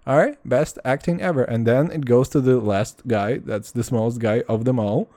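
A man's voice: medium pitch, normal speed, dark tone, no echo. A man chatting casually in a vlog, rambling and swearing, often repeating "dude" and "all right".

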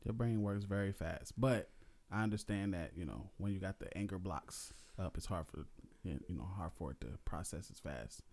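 A man's voice: sits low, moderate pace, darkish tone, a little hiss or hum. A young man in a casual, argumentative chat with his wife, laid-back and a bit defensive, explaining with computer comparisons. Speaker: husband in a couple's talk.

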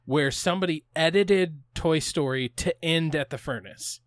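A man's voice: fairly high pitch, moderate pace, dry recording, clean studio sound. Playful, teasing podcast host man. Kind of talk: casual chat and sign-off.

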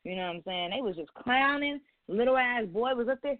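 Fast-talking blunt woman on a phone line. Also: on the high side, no echo. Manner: blunt, profane storytelling. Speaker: podcast co-host. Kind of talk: casual chat. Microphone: phone call. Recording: tinny phone-line sound.

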